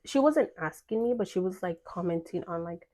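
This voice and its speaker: Young woman, storytime vlog, lowish mellow voice, chatty and filler-heavy. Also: expressive, normal speed. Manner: chatty, filler-heavy, acts out quoted dialogue. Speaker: vlogger telling a personal story. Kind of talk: casual storytime chat.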